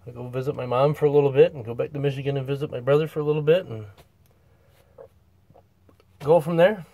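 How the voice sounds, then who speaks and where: A middle-aged man speaks a little out of breath, with a folksy, plainspoken manner, touring a cramped camper van. His voice sits at an ordinary pitch and sounds close and dry in the small space. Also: steady tone, fast, dry recording, phone-quality sound. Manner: folksy, plainspoken, chuckles often. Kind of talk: casual van tour vlog.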